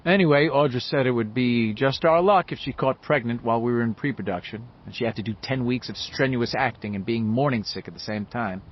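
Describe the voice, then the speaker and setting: A man voicing a middle-aged writer who speaks in a subdued, measured way, in a dull lo-fi audiobook recording. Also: mid-range voice, natural voice.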